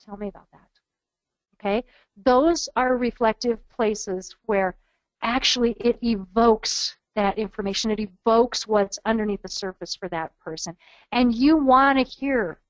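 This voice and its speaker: A woman's voice: on the high side, no echo, muffled recording. A woman trainer giving a webinar lecture in an earnest, coaching manner, modeling phrases aloud.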